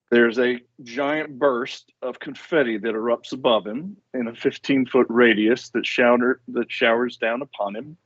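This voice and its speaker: A man's voice: mid-range voice, dry recording, dull audio. A man playing a tabletop game, narrating his character's actions in a descriptive, theatrical way. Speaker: player.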